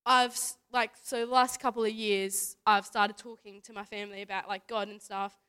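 A woman's voice: mid-range voice, little pitch movement, moderate pace, pushed and bright, clear, resonant tone. A young woman giving a casual testimony talk at church, chatty and full of fillers, laughing now and then. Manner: chatty, full of "like" and "you know", laughs often. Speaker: youth speaker at church.

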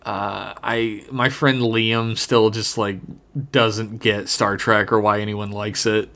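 A man's voice: lowish voice, little pitch movement, slow pace, creaky, sharp tone. A man co-hosting a casual podcast, reading listener emails aloud and chatting loosely with fillers and swearing. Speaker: podcast co-host.

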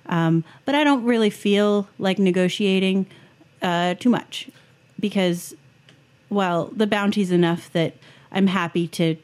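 A woman running a tabletop game as game master, speaking in a halting way with many fillers. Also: medium pitch, darkish tone.

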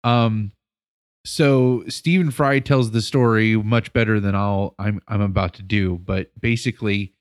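A man's voice: on the low side, steady tone, measured pace. A man telling a story on a casual podcast, rambling with many fillers and restarts; an educator. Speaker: podcast co-host.

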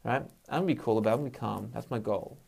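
Man hosting a solo talk episode, mid-pitched, blunt, swears freely, frustrated and fired up. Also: rapid-fire, creaky, a little mellow, slightly rough. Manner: heavy swearing, frank; worked-up, venting frustration. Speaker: podcast host. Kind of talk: casual solo monologue.

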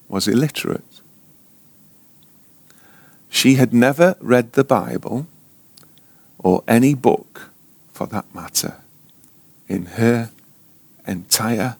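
A man preaching at a ministry school, telling a story slowly and dramatically, often sinking to a hushed near-whisper. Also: medium pitch, dry recording. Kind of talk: sermon storytelling.

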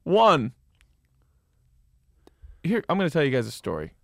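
A young man co-hosting a podcast in casual chat, animated, ranting and teasing his friend. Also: a little high, gravelly, no echo, studio quality. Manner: animated, quick to rant and tease. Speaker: podcast co-host.

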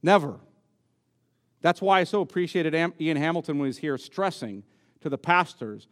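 High-voiced emphatic pastor preaching. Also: male voice, animated, normal speed. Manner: emphatic, repeats key words for stress. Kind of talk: sermon. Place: church sanctuary. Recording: long reverb of a church hall.

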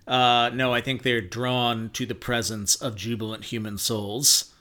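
A man's voice: mid-range voice, flat delivery, unhurried, bright, forceful tone. A man co-hosting a podcast in casual chat, laid-back and musing with jokes. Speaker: podcast co-host.

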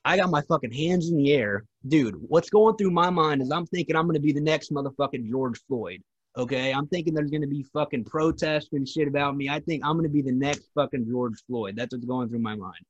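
A man's voice: a little high, brisk, slightly rough, no echo, highs cut off. A man co-hosting a podcast, telling a rambling, profanity-heavy story in casual chat. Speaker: podcast co-host.

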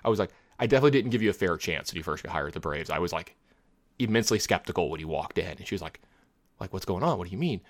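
Fast-talking man rambling through a story. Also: sits low, no room sound, clean studio sound. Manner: rambling, heavy filler words, animated retelling. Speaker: podcast co-host telling a story. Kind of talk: casual chat, storytelling.

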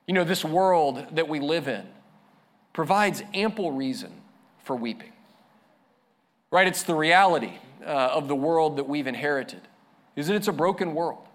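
A man preaching a sermon as a pastor, earnest, slowing down and dropping softer to stress his points. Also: fairly high pitch, lively intonation.

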